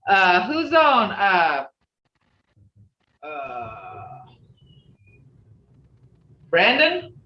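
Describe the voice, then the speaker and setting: A slow-speaking language teacher heard over a video call, with lively, swinging pitch as they repeat example phrases patiently. The audio is echoey and dull. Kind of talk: online language class.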